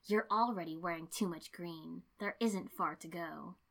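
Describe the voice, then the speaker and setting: A woman's voice: on the low side, measured pace, creaky, a bit bright, heavily acted. Woman voicing a stern young kunoichi. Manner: firm and stern. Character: stern, blunt young female ninja.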